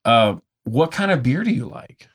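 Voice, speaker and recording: A man's voice: medium pitch, big pitch swings, moderate pace, slightly rough. Enthusiastic man telling a story. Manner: enthusiastic storyteller, acts out dialogue. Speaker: brewery tour business owner. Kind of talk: casual podcast conversation.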